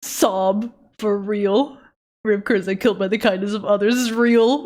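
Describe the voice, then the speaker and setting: A woman's voice: mid-range voice, fairly even intonation, measured pace. A young woman art streamer chatting casually on a live stream, giggly and gushing with emotion.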